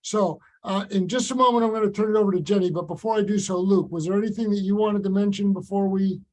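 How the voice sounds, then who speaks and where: Man, meeting chair, high-pitched, measured and halting, video-call audio. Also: steady tone, darkish tone, poor audio. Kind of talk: virtual meeting remarks.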